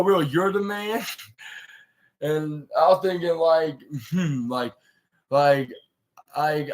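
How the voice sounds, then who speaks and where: A man with a slightly higher voice hosts a casual recap podcast. He rambles along, stacking fillers and false starts as he loosely retells what others said. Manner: rambling with many fillers and restarts; paraphrases others in loose quotes. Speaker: podcast host recapping wrestling.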